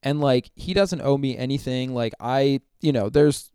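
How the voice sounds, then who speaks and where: Man, young adult, chatty and animated, lots of "like", mid pitch, crisp voice. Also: moderate pace, no room sound, studio quality. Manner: animated retelling, acting out quotes, many "like" fillers. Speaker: youth minister and podcast guest. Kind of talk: casual storytelling interview.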